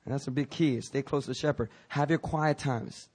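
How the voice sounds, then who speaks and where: Brisk and steady, this pastor's medium-pitched voice is a little mellow and husky. He gives a relaxed, conversational sermon with joking asides, frequent restarts and occasional coughs.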